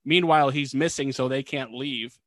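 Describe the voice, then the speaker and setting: A man co-hosting a podcast, casually recapping a film in a rambling, animated way and acting out lines of dialogue. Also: mid-range voice, moderate pace, dry recording. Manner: rambling, animated storytelling with quoted voices. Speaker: podcast co-host. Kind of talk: casual movie recap chat.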